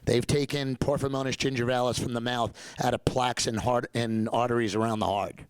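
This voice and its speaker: A middle-aged man with a New York accent delivers a lively, joking conference talk, pushing his points with emphatic repetition. His voice sits at an ordinary pitch for a man. The sound is dry, with little room around it. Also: brisk, smooth, dry recording, poor audio. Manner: animated, joking, emphatic storyteller. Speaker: dentist giving a talk. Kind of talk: conference presentation.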